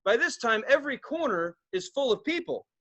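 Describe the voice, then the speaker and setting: A young man co-hosting a podcast, telling stories in a casual, profane, animated way, acting out loud outbursts and laughing along. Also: very high voice, fairly quick. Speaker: podcast co-host. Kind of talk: casual storytelling chat.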